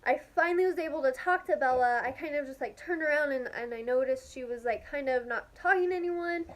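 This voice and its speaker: A young woman with a high voice chats casually to her vlog audience. She gushes with excitement and peppers every sentence with "like". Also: fairly quick. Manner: gushing, excitable, heavy use of "like". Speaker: vlogger. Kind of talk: casual storytelling to camera.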